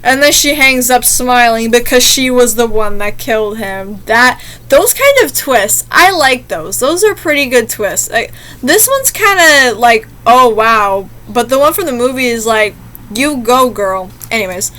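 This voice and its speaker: A woman's voice: a little high, expressive, moderate pace, few pauses, sharp tone. A young woman reading short scary stories and chatting between them in a rambling, easily spooked way. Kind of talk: casual reaction commentary.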